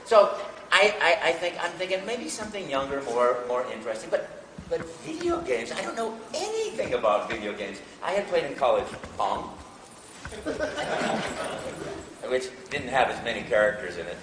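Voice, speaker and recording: Animated man telling stories in a hall. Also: on the high side, normal speed, noisy background. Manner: animated, self-interrupting anecdotes. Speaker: voice actor, panel guest. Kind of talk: storytelling on a live panel. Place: large hall with an audience. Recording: echoey hall from far off.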